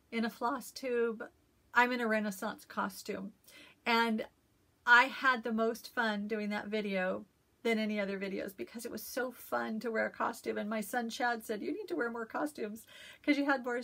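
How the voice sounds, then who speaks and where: A woman's voice: on the high side, pushed and bright. A middle-aged woman chatting casually in a show-and-tell vlog about stitching gifts, effusive and full of fillers, filmed at home. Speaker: cross-stitch vlogger. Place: at home, in a messy room. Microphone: camera she turns around while talking.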